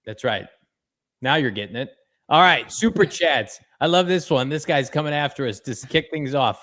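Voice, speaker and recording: A man's voice: medium pitch, expressive, moderate pace, a bit bright. A man co-hosting a casual sports podcast, talking energetically and reading fan messages aloud. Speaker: podcast co-host.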